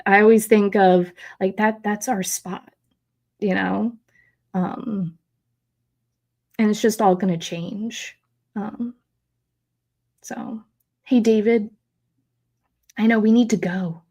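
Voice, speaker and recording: A woman's voice: medium pitch, vocal fry, dark tone. A woman in her thirties hosting a live stream, chatting in a rambling, emotional way with many fillers and replying to chat. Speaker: host of a live theme park stream.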